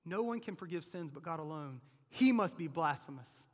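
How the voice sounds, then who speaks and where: A male pastor preaching in a high-pitched voice. He delivers the sermon conversationally and keeps checking in with the listeners. The voice rings out with the long reverb of a large church hall. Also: animated, moderate pace. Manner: conversational preaching, frequent "like" and "right?".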